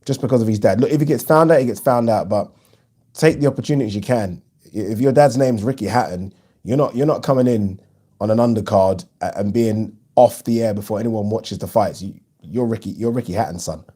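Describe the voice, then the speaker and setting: Man, low mellow voice, casual live host, frank, swears, lots of ums. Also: fairly quick, slightly rough. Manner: chatty, frank, swears freely, frequent ums. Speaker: host of a live boxing watch-along. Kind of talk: casual live commentary reading viewer chat.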